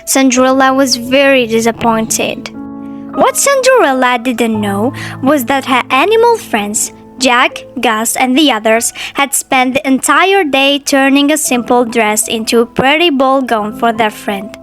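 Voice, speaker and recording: Brief: woman storyteller, animated sing-song delivery, high voice. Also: unhurried, faint music behind. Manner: sing-song, expressive read-aloud. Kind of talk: storybook narration.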